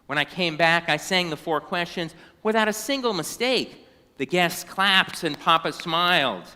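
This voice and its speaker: A man reading a children's storybook aloud in a synagogue, animated and now and then singing short phrases. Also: high-pitched, unhurried, big-room sound. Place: synagogue sanctuary.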